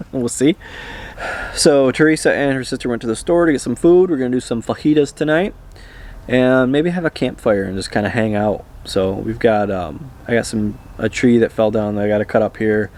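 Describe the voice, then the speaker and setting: Man, travel vlogger, casual chat, rambling, hesitant fillers, mid-pitched voice. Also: a little mellow.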